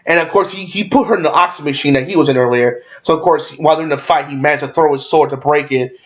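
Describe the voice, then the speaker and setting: In a dull, lo-fi recording, a man with a slightly high voice talks fast through a casual movie review. He rambles and swears, with plenty of fillers and restarts.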